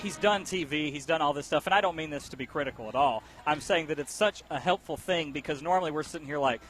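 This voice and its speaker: A man doing color commentary for a high school football broadcast, joking and talkative. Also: fast talker, fairly bright tone, soft background music, rough recording.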